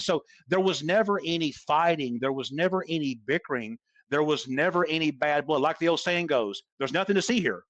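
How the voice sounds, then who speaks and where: A man's voice: a little high, expressive, brisk, a bit bright, no echo. A man speaking as a golf instructor guest on a podcast, talking casually and hammering points home by repeating them. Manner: emphatic, repeats points for stress.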